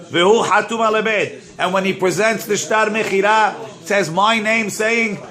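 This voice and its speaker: Bright-voiced rabbi teaching a Talmud class. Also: male voice, sits high, a little slow. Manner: animated, acts out the claimants with raised voice; switches between Hebrew-Aramaic text and English. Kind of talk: Talmud class, reading and translating.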